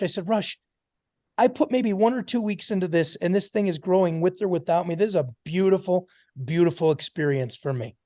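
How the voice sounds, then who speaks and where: Man, high voice, emphatic motivational speaker, repeats key points, video call, dry sound. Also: a little mellow, no room sound. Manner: emphatic, repetitive, addresses listeners by name. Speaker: motivational speaker to a sales team.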